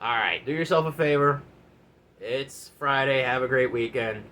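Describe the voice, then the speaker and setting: A man, a former enlisted soldier, telling a story from his service days in a casual, animated, profane way. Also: medium pitch, moderate pace, a little hiss or hum.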